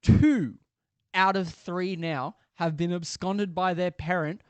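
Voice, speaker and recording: A man's voice: high-pitched, fairly even intonation, slow, clean tone, no room sound. A man co-hosting a casual sports podcast, teasing his friends with short swearing jabs. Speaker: podcast co-host.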